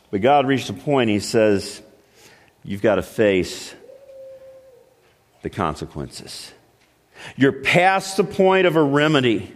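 A man preaches a sermon in a fairly high voice, pressing each point with repeated starts. He sinks low and slow when he wants weight. The sanctuary gives his voice a long, ringing reverb. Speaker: pastor. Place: church sanctuary. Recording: long reverb of a large hall.

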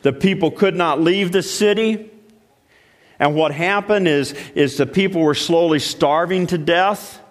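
Man preaching in a reverberant hall. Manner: emphatic preaching with many repeated starts, dropping low and slow for weight. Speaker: pastor. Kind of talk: sermon. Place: church sanctuary. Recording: long reverb of a large hall.

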